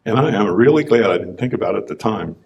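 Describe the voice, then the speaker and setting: A man, a business owner, giving a conversational personal testimony talk on a conference stage, clearing his throat now and then. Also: lowish voice, expressive, fast talker, darkish tone, dull audio.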